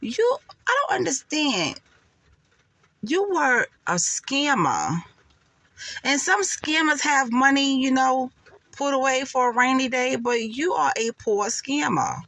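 A woman runs a casual gossip commentary, sassy and full of laughs. Her voice sits fairly high and swoops up and down with lively expression. The sound is dry and close, with no room echo. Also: slow. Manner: sassy, laughing, calls listeners honey and child.

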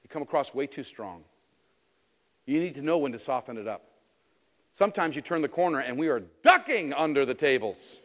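Animated man lecturing in a hall. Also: mid-range voice, brisk, pauses often. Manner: expressive, acts out scenes, jokes with the audience. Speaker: trainer. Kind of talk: animated seminar talk.

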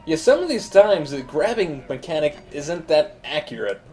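A man's voice: a little high, very animated, normal speed, a little mellow, slight background noise. A man hosting a let's play, chatting and thinking aloud as he plays. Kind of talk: gameplay commentary.

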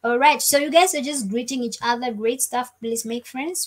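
A woman's voice: fairly high pitch, normal speed, poor audio. A woman hosting a casual live stream, chatting effusively and thanking viewers over and over. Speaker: livestream host.

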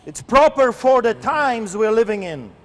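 A man preaching a fervent open-air sermon, his voice strained very high as he calls out each word slowly and deliberately. He often rises into shouts. A long echo trails behind him in the outdoor space. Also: animated. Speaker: street pastor. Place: outdoors in the wind.

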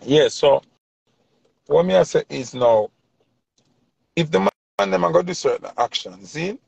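A man's voice: a little high, expressive, a little slow, vocal fry, darkish tone, husky, no room sound. A man with a Jamaican accent delivering a passionate, preachy commentary rant in heavy Patois. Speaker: vlogger. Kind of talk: ranting commentary. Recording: dull lo-fi dry sound.

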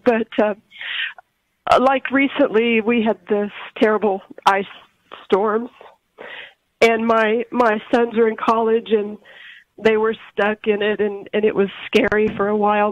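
A woman's voice: mid-range voice, dry recording. A woman in her late forties calling in to a talk show, hesitant and stammering, with many restarts. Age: 40s. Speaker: caller. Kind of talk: call-in phone conversation. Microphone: telephone. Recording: dull phone line.

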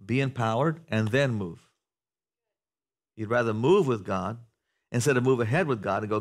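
A man preaching a sermon to a congregation in a church, talking conversationally, asking the room questions and building to loud, animated passages. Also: mid-range voice, moderate pace, long pauses. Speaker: pastor. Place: church sanctuary before a congregation.

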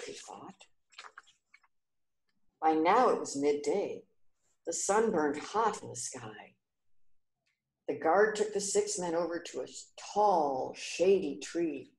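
A woman reading a children's story aloud clearly and expressively. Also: low voice, lively intonation, slow pace, a little mellow, roomy sound.

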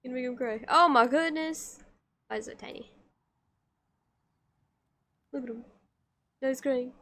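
Giggly high-voiced woman streamer. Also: normal speed, pushed and bright. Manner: giggly and playful, teasing her chat. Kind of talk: casual live-stream chat while drawing.

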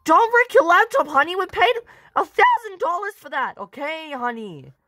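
A woman's voice: very high voice, very animated, normal speed, pushed and bright, dry recording, studio quality, exaggerated voice. A woman playing a strict, scolding mom. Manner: firm, scolding. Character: strict, overprotective mother. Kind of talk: amateur home-made family drama.

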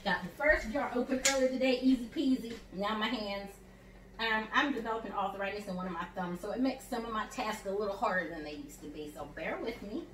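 Heard from across an echoey home kitchen over a noisy background, this home chef speaks briskly in a mid-range voice. She has a Southern US accent and runs a chatty, encouraging cooking demo, addressing her viewers as y'all and honey.

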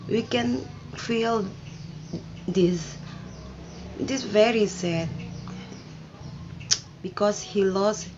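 An Indonesian woman whose first language is Indonesian, hosting a reaction video in halting English and talking earnestly and emotionally. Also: mid-range voice, darkish tone, muffled recording, a little hiss or hum. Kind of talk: casual reaction commentary.

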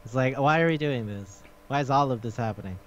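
A man's voice: medium pitch, fairly quick, muffled recording, slight background noise. A man co-hosting a casual podcast chat, rambling and laughing, with lots of swearing. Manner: laughing, profane, rambling retelling. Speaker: podcast co-host.

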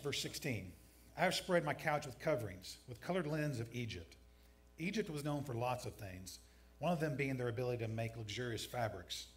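Male pastor, mid-pitched voice, easygoing sermon delivery with wry asides. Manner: conversational preaching with dry jokes. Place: church sanctuary.

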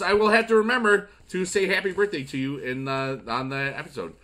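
A young man from upstate New York hosting a casual gaming video, chatting while reading fan mail and bursting into excited cheers. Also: sits high, a little fast, hardly any pauses. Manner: excitable, swings into loud shouting cheers. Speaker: YouTube gaming channel host.

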